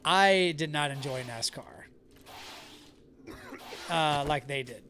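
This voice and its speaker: A streamer from the American South chats casually with viewers during a live survival game, speaking in a neutral American accent that turns Southern only when he's angry. His fairly high voice is slow and sharp, with a little hiss or hum underneath.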